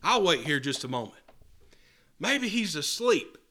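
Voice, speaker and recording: A man's voice: a little high, sing-song, fairly quick, a bit bright, breathy edge, heavily acted. Man putting on a taunting prophet. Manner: mock-impatient, taunting, with stammered restarts. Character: Elijah mocking idol worshippers, a grown man, scornful and teasing.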